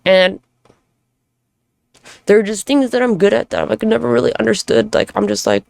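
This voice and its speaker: A woman's voice: on the high side, moderate pace, vocal fry, darkish tone, no room sound. A woman hosting a solo podcast monologue, talking in a candid, rambling, profane way with self-deprecating humor. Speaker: podcast host.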